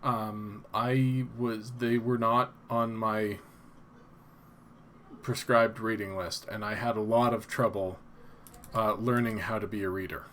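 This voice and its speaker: A man's voice: on the low side, little pitch movement, slow, a bit bright, slight background noise. A man hosting a casual evening livestream from home, rambling along and greeting viewers as they arrive. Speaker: livestream host. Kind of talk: casual solo livestream chat.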